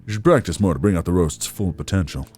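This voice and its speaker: A man voicing a stern middle-aged male café owner, reading game lines in a low, measured, dryly critical tone. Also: darkish tone, soft background music, natural voice. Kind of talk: reading game dialogue aloud in character.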